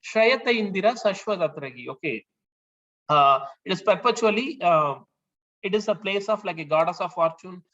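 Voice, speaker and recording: A man leading a scripture class, explaining the verses slowly with many fillers and restarts. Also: high voice, sharp tone. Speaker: class leader. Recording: dull lo-fi sound.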